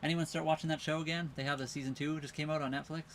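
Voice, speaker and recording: A man's voice: on the high side, flat delivery, rapid-fire, fairly bright tone, a little hiss or hum. A man hosting a casual livestream from his sailboat at a marina, rambling easily and reading viewer comments aloud. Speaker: live stream host. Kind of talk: casual live stream chat.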